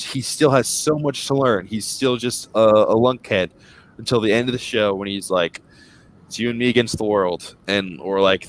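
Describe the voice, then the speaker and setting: A man's voice: on the low side, a little hiss or hum. A young man co-hosting a casual fan podcast, rambling enthusiastically and tripping over his words. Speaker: podcast co-host.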